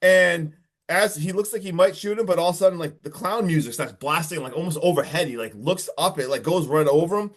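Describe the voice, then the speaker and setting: A young man co-hosting a podcast, casually recapping a horror film in a rambling, animated way with lots of filler words and mild swearing. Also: on the high side, fairly quick. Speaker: podcast co-host reviewing a film.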